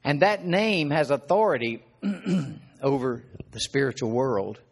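A middle-aged man giving an informal sermon, speaking conversationally, asking rhetorical questions and clearing his throat often. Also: medium pitch, animated, slow pace. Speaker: preacher.

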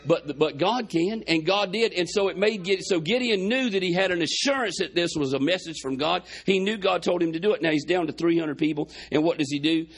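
A man preaching, his voice gravelly and a little husky, set somewhat high for a man. He retells scripture in a folksy storytelling way, acting out the dialogue, with congestion in his chest. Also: fairly quick, hardly any pauses. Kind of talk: sermon storytelling.

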